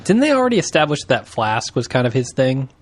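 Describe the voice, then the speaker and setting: A man co-hosting a casual podcast, laughing often and tossing in quick wisecracks. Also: medium pitch, sing-song. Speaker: podcast co-host.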